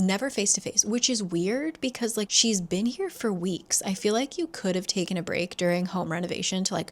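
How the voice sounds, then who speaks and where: A woman casually retelling a thriller's plot as a book channel host, chatty and full of "like". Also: medium pitch. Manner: chatty, fillers like "like", acts out quoted lines.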